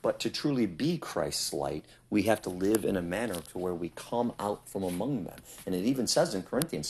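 A man preaching in conversation, insistent, often asking "ready?" and acting out quoted voices with big jumps in pitch. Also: animated, a little fast, few pauses, a little mellow, a little hiss or hum. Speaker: street preacher.

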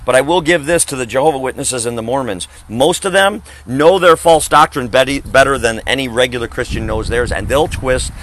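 A man's voice: mid-range voice, fairly quick, few pauses, a bit bright, a little hiss or hum, low-quality recording. A man in his fifties, a traveling evangelist, preaching emphatically in conversation and repeating his phrases. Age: 50s.

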